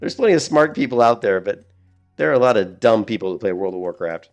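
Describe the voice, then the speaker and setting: A man's voice: lowish voice, lively intonation, fast talker, faint music behind. A middle-aged man chatting casually while streaming a game, rambling, swearing and laughing at his own stories. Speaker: gaming streamer.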